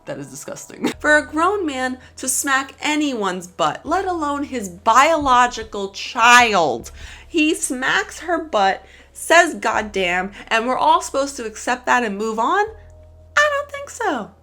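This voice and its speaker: A woman's voice: high-pitched, sing-song, unhurried, pushed and bright. Woman commentator, casual and sassy, curses freely, leans hard on dramatic emphasis. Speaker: commentary YouTuber.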